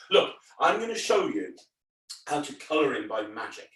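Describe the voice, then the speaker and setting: Kids magician guy, loud and over the top, bright voice, bit far from the mic in an echoey room. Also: normal speed. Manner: animated, exaggerated, jumps to loud high shouts. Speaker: children's entertainer, magician. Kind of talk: energetic comedy magic show for kids.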